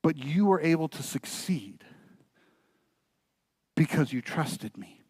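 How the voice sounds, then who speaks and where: Man playing a hushed, steady dad, slightly raised voice, dry close sound. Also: fairly high pitch, slow, husky, no echo, heavily acted. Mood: reassuring. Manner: soft, quiet and calm. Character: gentle, reassuring father of a young boy.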